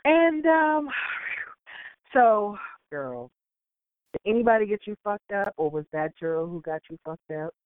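A woman's voice: mid-range voice, expressive, a little slow, long pauses, dry recording. Emphatic woman on a tinny line. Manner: reactive, emphatic, repeats phrases. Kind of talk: casual chat.

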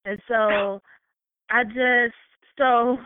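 A woman telling a work story in casual chat, animated and laughing, with frequent swearing. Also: fairly high pitch, drawn-out words, slight background noise. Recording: tinny phone-like line.

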